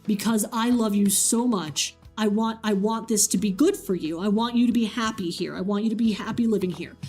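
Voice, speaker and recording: Earnest devoted husband, a woman doing him, high voice, faint music behind. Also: darkish tone, lightly acted. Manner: earnest, pleading. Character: invisible loving godly husband, earnest.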